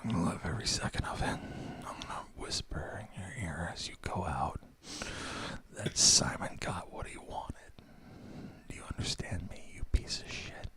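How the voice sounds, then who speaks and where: A man's voice: deep voice, moderate pace, voice pushed down, close to an everyday voice. A man whispering as a menacing threat-hissing caller, whispered role-play. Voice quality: unvoiced whisper.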